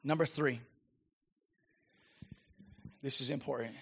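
Man, pastor, sermon, high-pitched, emphatic, addresses the congregation. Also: expressive, brisk. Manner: emphatic preaching with audience call-outs.

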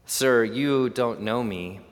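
A man voicing a humble young male soldier who speaks gently and earnestly, recorded with long hall reverb. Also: medium pitch, takes it slowly, natural voice.

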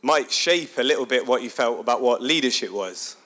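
A man's voice: mid-range voice, a little fast. A man giving a chatty, sermon-style talk, asking his listeners questions as he builds a story. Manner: animated, chatty, asks the audience questions.

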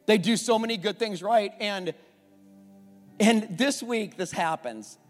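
Higher-voiced pastor preaching in a reverberant hall. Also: male voice, unhurried. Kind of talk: sermon. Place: church sanctuary. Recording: church hall with long reverb and faint music.

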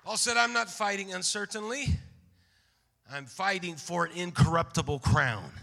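A man preaching a sermon in a church, rising from steady teaching into fervent shouted exhortation. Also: sits high, moderate pace, creaky. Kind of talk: Pentecostal-style sermon. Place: church sanctuary. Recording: long hall reverb.

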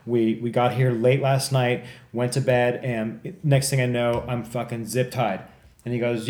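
On a podcast, a male co-host casually tells a story, swearing a lot and acting out the people in it with animated energy. His voice is medium-pitched and a little slow. The room sounds echoey.

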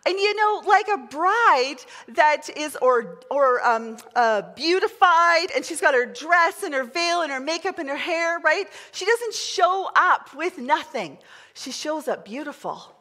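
Middle-aged woman preacher, high voice that swoops all over, chatty and excitable; big church hall. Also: unhurried. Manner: chatty, excitable, leads the crowd in call-and-response. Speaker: pastor. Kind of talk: sermon. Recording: long hall reverb.

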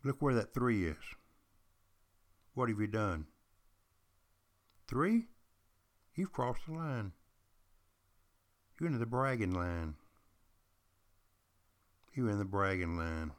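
A man's voice: on the low side, animated, slow, pauses often. An older man, a retired teacher, hosting a podcast and telling history in an emphatic, repetitive way, speaking straight to his listeners. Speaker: podcast host. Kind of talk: storytelling history lecture.

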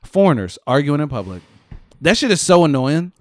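A man's voice: fairly high pitch, very animated, fairly quick, no echo, clean studio sound. A young man co-hosting a casual podcast, ranting animatedly and swearing a lot. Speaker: podcast co-host. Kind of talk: casual profane chat.

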